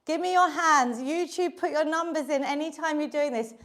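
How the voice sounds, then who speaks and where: A woman with a high, slightly bright voice speaks at normal speed in a British accent, running a live online exercise session from home. As she counts down reps, she sounds upbeat and encouraging, if a little out of breath.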